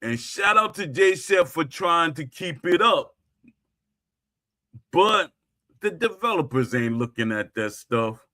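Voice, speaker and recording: A man's voice: fairly high pitch, very animated, slow pace, long pauses, pushed and bright. A man hosting his own gaming talk stream, speaking emphatically and repeating his points, often restarting his sentences. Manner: emphatic and repetitive, circling back to points. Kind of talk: casual livestream rant.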